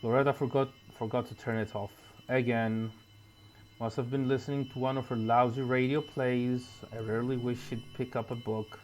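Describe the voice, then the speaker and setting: A man reading the lines of a drunk, scheming failed writer from the 1940s, muttering low, with a faint hiss behind. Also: level tone, moderate pace, close to an everyday voice. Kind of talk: reading game dialogue aloud.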